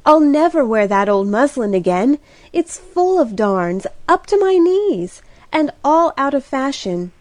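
A woman's voice: a little high, lively intonation, a little slow, darkish tone, dry recording. A woman voicing an eager, impulsive young woman in an audiobook reading, speaking in a breathless, gushing and emphatic way. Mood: excited.

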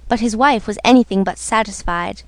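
A woman narrating a storybook on radio in a slow, measured way. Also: medium pitch, no echo. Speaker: story reader.

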